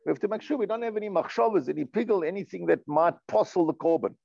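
In a religious lesson, a rabbi reads Hebrew text aloud, translates it, and tells stories, speaking earnestly and emphatically while frequently repeating and restarting words. He has a high, darkish voice with vocal fry, lively intonation and a quick pace. The recording is muffled, without echo.

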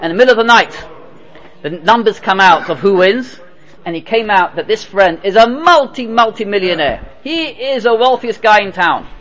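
A man giving a spoken Torah class, telling stories lively and mixing Hebrew and Yiddish terms into his English. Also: high-pitched, normal speed. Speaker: Torah teacher.

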